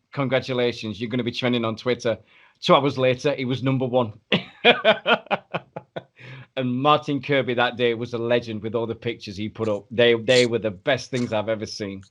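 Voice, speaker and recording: A man in casual chat, a lively storyteller who acts out other people's lines. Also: medium pitch, dull audio.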